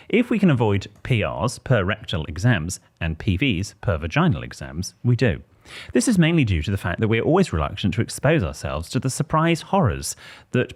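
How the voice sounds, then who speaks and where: An English man with a low voice that swings widely up and down as he reads. He co-hosts a podcast and performs listener letters aloud with a wry, theatrical touch. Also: huge pitch swings, normal speed. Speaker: podcast co-host.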